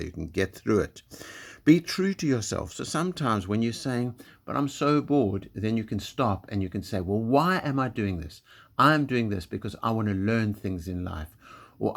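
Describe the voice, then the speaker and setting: Male assembly leader, lowish voice, gentle and encouraging, talking simply to small children. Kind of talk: recorded school assembly talk.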